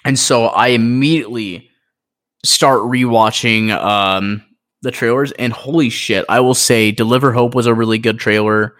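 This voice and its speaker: A man co-hosting a casual gaming podcast, talking in an excitable, rambling way with lots of fillers. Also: medium pitch, moderate pace. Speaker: podcast co-host. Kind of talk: casual chat.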